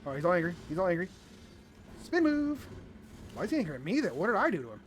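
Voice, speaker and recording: Lively, high-pitched man narrating gameplay. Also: very fast, faint music behind. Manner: playful, animated, exclaiming often. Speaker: gaming video host. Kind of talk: excited gameplay commentary.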